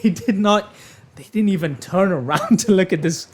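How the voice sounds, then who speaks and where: A man hosting a podcast, telling a story in casual, animated chat, swearing freely. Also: high-pitched, moderate pace. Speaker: podcast host.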